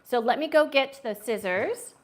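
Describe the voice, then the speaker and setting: A woman's voice: a little high, expressive, moderate pace. Chatty woman reviewing takeout. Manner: chatty, reads viewer comments aloud, enthusiastic. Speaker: food vlogger. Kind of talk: casual live-stream food review.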